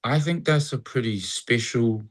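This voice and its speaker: In a relaxed conversation, an interview guest from New Zealand reflects and rambles, acting out cheerful greetings. His New Zealand-accented voice is mid-range with a measured pace.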